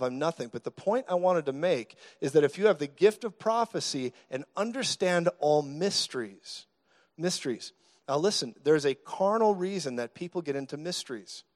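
A man preaching a sermon, telling stories in an animated, joking way with sudden loud bursts. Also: a little high. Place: church meeting hall.

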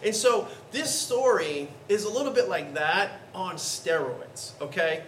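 A man, the pastor, giving a sermon in a conversational, animated storytelling way. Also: sits high, measured pace, roomy sound, recorded from a distance, a little hiss or hum. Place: church sanctuary.

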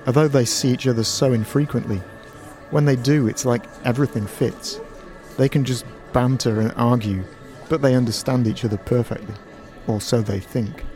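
A man reading a story aloud in a calm, measured way. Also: mid-range voice. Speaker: narrator. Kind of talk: scripted story narration. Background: music.

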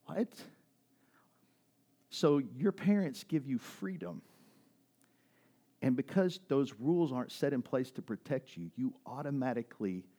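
A male pastor preaching a sermon, telling a personal story that swings between excited high bursts and soft emotional moments. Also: breathy edge. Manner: storytelling with quick rises in pitch and drops to soft emotional asides. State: near tears at times.

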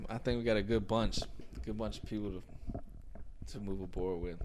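A man's voice: on the low side, steady tone, fairly quick, background noise. Laid-back man co-hosting a podcast. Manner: laid-back, teasing banter. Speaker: podcast co-host. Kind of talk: casual chat.

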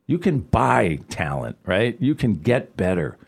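A middle-aged man, a guest on a radio talk show, telling stories in a casual, animated way and acting out the people he quotes. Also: lowish voice, unhurried, creaky, breathy edge. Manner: animated storyteller, acts out quoted voices. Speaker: guest, financial advisor.

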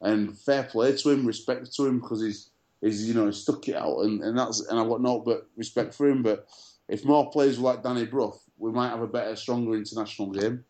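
A man's voice: medium pitch, steady tone, brisk, a little mellow. A man co-hosting a casual sports chat show, telling stories full of fillers and restarts. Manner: chatty storyteller, many fillers and restarts. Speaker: podcast co-host.

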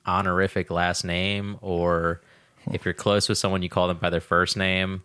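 A man's voice: sits low, level tone, moderate pace, pushed and bright, smooth, no room sound, studio quality. A young man in casual, crude podcast chat, talking loosely with many fillers.

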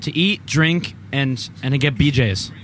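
Man co-host, bright and forceful, cocky deadpan quips, faint background noise. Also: medium pitch, unhurried. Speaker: podcast co-host. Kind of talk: casual chat with banter.

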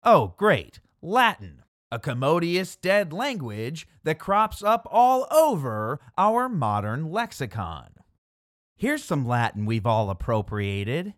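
Slow, pompous pedantic man. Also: a little high, big pitch swings, dry recording, clean studio sound. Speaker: narrator. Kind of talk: scripted comedic narration.

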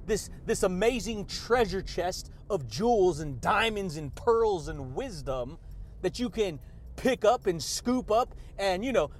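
Casting: high-pitched male podcast host, pumped-up motivational monologue, street slang, faint rumble under it. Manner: hyped, slangy, laughs often, calls listeners baby and dude.

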